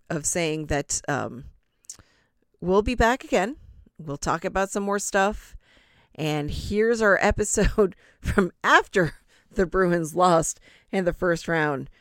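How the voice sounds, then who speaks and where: A woman's voice: deep voice, vocal fry, no room sound, studio quality. A woman hosting a casual sports podcast, rambling and self-deprecating with lots of fillers. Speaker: podcast host.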